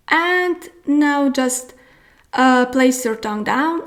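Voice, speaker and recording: A woman with a Croatian accent, a native Croatian speaker, teaching pronunciation slowly, with many pauses and fillers as she demonstrates sounds. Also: high voice, animated. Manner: slow, hesitant, many fillers, careful demonstrations. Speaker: language teacher. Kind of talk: pronunciation lesson.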